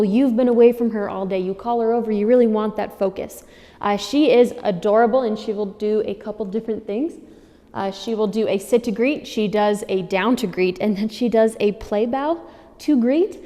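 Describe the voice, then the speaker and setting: A woman with a mellow, warm tone explains a dog's training in a friendly, upbeat walkthrough. Her voice carries a long reverb from the room she is in. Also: medium pitch, moderate pace. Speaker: dog trainer. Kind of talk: instructional demonstration.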